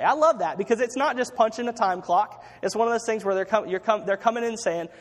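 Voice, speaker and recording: A man's voice: high-pitched, fast talker, few pauses, big-room sound. A man preaching a chatty sermon, drawing the congregation into call-and-response, with plenty of ums and restarts. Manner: chatty, with audience call-and-response and frequent fillers. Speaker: pastor. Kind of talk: conversational sermon.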